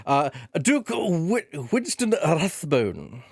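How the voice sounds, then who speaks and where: A man's voice: a little high, wildly swooping pitch, extremely slow, darkish tone, dry recording, studio quality, exaggerated voice. A man hosting a stream as a pompous, rambling retired naval admiral, full of restarts. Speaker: streamer host. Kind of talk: comic in-character role-play.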